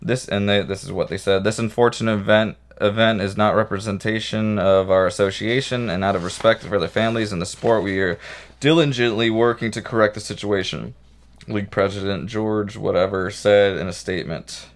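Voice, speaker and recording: A man co-hosting a podcast, joking and swearing as he reads news stories aloud haltingly. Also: on the low side, steady tone. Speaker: podcast co-host. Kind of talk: casual podcast chat.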